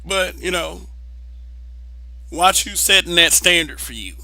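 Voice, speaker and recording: A man's voice: high voice, lively intonation, measured pace, creaky, pushed and bright, dry recording, poor audio. A young man giving blunt, profane opinions in a casual monologue, repeating words as he presses his point.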